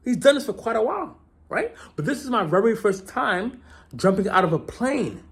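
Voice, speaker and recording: A man's voice: high voice, normal speed. A man vlogging a casual storytelling monologue. He retells events dramatically and keeps asking "right?". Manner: animated, repeats "right?" often, dramatic retelling.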